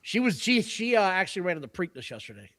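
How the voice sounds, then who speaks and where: High-voiced, joking man on podcast. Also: big pitch swings, quick pace, a bit bright, no echo. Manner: joking, profane, laughs often. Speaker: podcast co-host. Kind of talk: casual chat.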